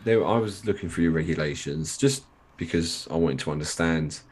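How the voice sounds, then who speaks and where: A man with a flat, monotone way of talking, chatting casually as a podcast guest. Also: low voice, moderate pace, husky. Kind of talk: casual chat.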